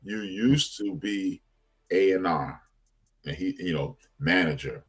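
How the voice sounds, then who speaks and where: Husky middle-aged guy chatting on a podcast, low voice, laid back, gets going when he makes a point. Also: slow pace. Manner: laid-back storytelling with slang, animated when making a point. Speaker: podcast co-host. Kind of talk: casual chat.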